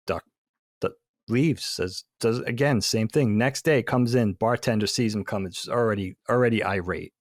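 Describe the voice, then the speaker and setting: A man's voice: fairly low pitch, normal speed, no room sound, clean studio sound. A man in his thirties, a podcast co-host telling a long corny joke in a rambling, self-correcting way.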